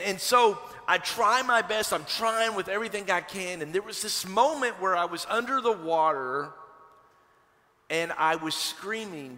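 A man from Kentucky, a pastor, preaching a sermon and telling a personal story in a conversational, animated way. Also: high-pitched. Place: church sanctuary. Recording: long hall reverb from a church sanctuary.

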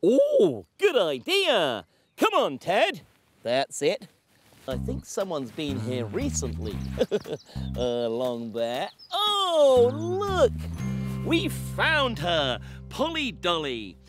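A man's voice: high voice, wildly swooping pitch, drawn-out words, over music, full character voice. A man playing a cheerful, silly clown on children's TV, giggling and squealing with delight. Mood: excited. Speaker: children's TV presenter. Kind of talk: children's TV acting.

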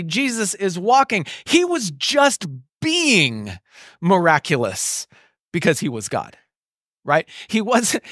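A man preaches a sermon in an animated, chatty way, often asking the congregation questions. His voice sits a little high and swings widely in pitch. The sound is dry and close. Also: no room sound. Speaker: pastor. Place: church.

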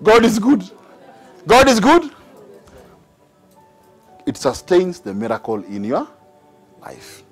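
A man's voice: high-pitched, slow, long pauses, faint music behind. A man with a Kenyan accent preaching a sermon, engaging the congregation with questions and repetition. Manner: animated, call-and-response with the congregation. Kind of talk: sermon mixing English and Swahili.

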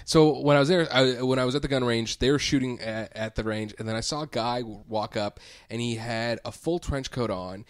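A podcast co-host from Bellevue, Washington, spinning casual stories with frequent laughs. His voice sits at an ordinary male pitch, recorded dry and close with no room sound. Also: brisk, hardly any pauses, clean tone, no echo. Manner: animated storyteller, laughs often.

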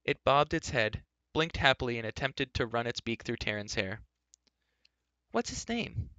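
A man reading a novel aloud in a steady storytelling manner. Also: mid-range voice, moderate pace, clear, resonant tone, no echo. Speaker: reader. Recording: dull lo-fi dry recording.

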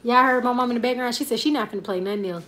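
Bright-voiced chatty woman in her twenties. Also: a little high, racing, a little hiss or hum. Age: 20s. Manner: chatty, slangy, rambling, laughing asides. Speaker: comedian and YouTuber. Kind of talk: casual live-stream chat reading viewer comments.

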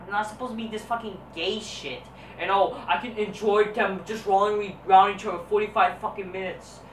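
A woman's voice: medium pitch, fairly even intonation, fairly quick, a little hiss or hum. A woman reviewing wrestling as a vlogger, ranting crudely with constant swearing and a dismissive, combative manner. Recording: roomy echo, voice distant from mic.

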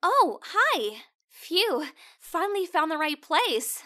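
A woman playing a caller in a comedy prank-call skit, bubbly and quick to get indignant. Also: extremely high pitch, sing-song, bright, forceful tone. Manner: bubbly, then huffy and indignant.

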